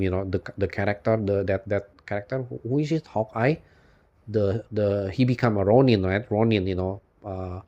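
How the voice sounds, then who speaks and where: A man talking in an unscripted monologue for his channel, rambling and weary, filling every pause with "you know" and swearing often. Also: lowish voice, warm tone, dull audio. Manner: weary, despondent and emotional. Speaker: YouTube channel host.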